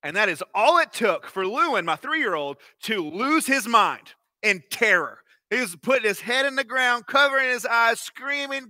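A man's voice: high voice, animated, unhurried, pushed and bright, dry recording. A man in his thirties preaching a sermon as pastor, telling stories expressively with fillers and restarts.

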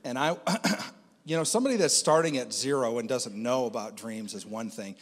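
A man's voice: mid-range voice, normal speed, in a large hall. A man giving a conversational personal testimony as a Christian speaker, with lots of fillers.

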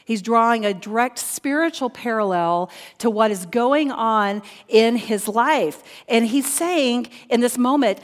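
A woman's voice: on the high side, a little slow, few pauses. A woman preaching a sermon, reading scripture aloud and then teaching from it, earnest and fond of repeating key phrases. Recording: long hall reverb.

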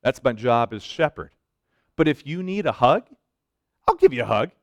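A man preaching a sermon to students, swinging between loud emphatic lines and soft hushed ones, with joking asides. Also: medium pitch, sing-song, normal speed, no room sound, clean studio sound. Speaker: pastor speaking to students.

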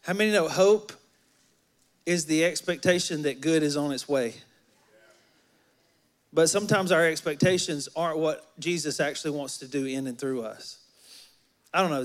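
A man with a high, bright Southern accent preaches in a church. He talks to the congregation in a folksy, joking way, teasing them as he goes. He moves from story to sermon and back in an easy, homey manner. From Alabama. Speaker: pastor. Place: church sanctuary.

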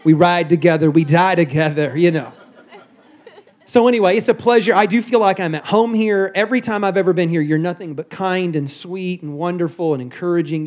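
A middle-aged man preaching from a church stage, his voice high for a man. He keeps a loose, joking, conversational manner with the congregation. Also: a little mellow. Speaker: guest pastor. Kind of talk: sermon. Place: church sanctuary.

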